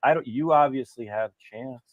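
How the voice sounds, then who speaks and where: A man's voice: medium pitch, normal speed, narrow, tinny audio. A man in a casual stream chat, teasing and suspicious of the others.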